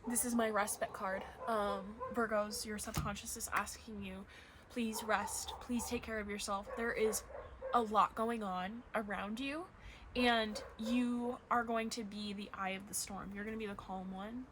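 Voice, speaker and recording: A woman reading tarot cards in a casual, gushing way, often close to tears. Her voice sits at an ordinary middle pitch. Dogs bark clearly behind her. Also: steady tone, a little slow, noisy background. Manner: emotional, gushing, near tears. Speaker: tarot reader. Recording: dogs barking in the background. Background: dogs barking.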